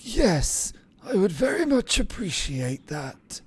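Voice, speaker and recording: A man running a tabletop game and speaking in character in a measured, conversational way. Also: sits high, sing-song, a little hiss or hum. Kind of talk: in-character tabletop role-play.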